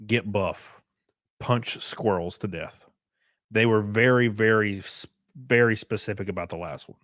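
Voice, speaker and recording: A man hosting a casual live stream, joking crudely and thanking viewers by name, jumping from loud outbursts to quiet muttering. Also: fairly low pitch, a little slow, dry recording, clean studio sound. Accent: Southern American. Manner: crude, joking, reads and thanks super chats aloud. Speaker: livestream host.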